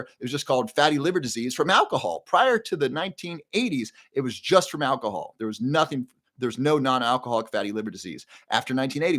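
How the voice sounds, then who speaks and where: A man's voice: medium pitch, a bit bright. A middle-aged man hosting a live stream, ranting with indignation and often repeating words as he builds up steam. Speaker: show host. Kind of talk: impassioned live-stream monologue.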